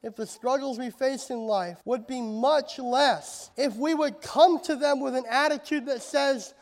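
High-voiced impassioned preacher in a reverberant hall. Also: male voice, unhurried, few pauses. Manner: impassioned, swings from soft to loud. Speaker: pastor. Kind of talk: sermon. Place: church sanctuary.

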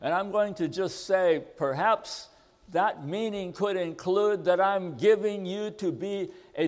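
An older man preaching a sermon, telling a personal story with earnest, deliberate delivery and slowing down to read scripture. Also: high voice, a little mellow. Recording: long hall reverb.

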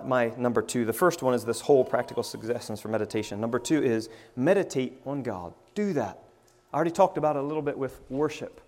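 A man preaching an informal sermon, stammering over restarts and swinging from loud to hushed. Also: mid-range voice, big-room sound. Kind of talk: conversational sermon.

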